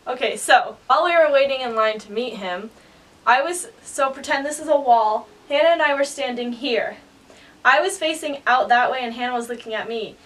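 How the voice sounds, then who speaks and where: Brief: young woman vlogger, high voice, excitable storyteller, sits a bit back from the mic. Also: distant mic. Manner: excitable, acts out quotes in high squeals. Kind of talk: storytime vlog.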